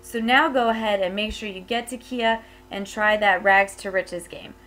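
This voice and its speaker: A woman's voice: mid-range voice, moderate pace, a bit bright, soft background music. A woman teacher giving a classroom tutorial, explaining rules step by step in a patient manner.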